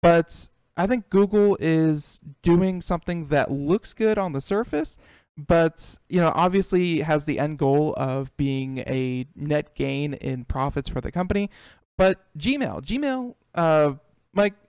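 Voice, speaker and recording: A man's voice: a little high, lively intonation, takes it slowly, a little mellow, clear, resonant tone, no room sound. A man hosting a tech talk show, chatting casually and animatedly with frequent restarts and repeated words. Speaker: radio show host.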